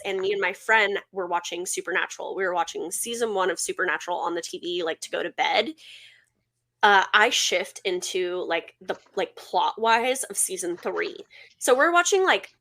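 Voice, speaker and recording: A woman's voice: medium pitch, vocal fry, bright, forceful tone. Casting note: young woman podcast co-host, casual and chatty, storytelling with constant filler words, mid-range voice. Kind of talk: casual chat.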